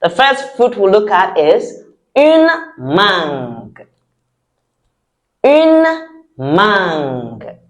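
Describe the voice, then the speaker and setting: A woman teaching French vocabulary, saying each word slowly and lifting her voice on the articles. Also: sing-song. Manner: slow drawn-out model words with high lifted articles. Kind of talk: repeat-after-me vocabulary lesson.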